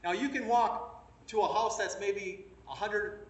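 A man's voice: sits high, unhurried, dull audio. A man preaching a sermon to a congregation and reading scripture aloud, building his emphasis as he goes. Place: room with a congregation. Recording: echoey room, mic at a distance.

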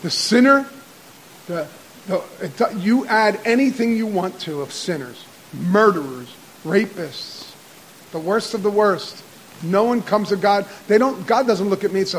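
A male pastor preaching a midweek sermon. He rattles off scripture references and builds to loud, repeated declarations. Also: high-pitched, a little hiss or hum, poor audio. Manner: cites verses rapidly, builds to shouted repetition. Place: church.

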